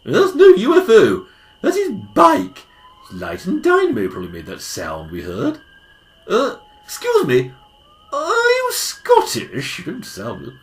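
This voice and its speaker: A performer plays a pedantic goose sidekick in a homemade audio drama. The goose corrects everyone in a deadpan tone, yet the voice jumps through a huge range of pitch. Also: unhurried. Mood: sardonic. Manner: sardonic, correcting, deadpan asides. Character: dry, pedantic goose companion. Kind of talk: hobby audio drama acting.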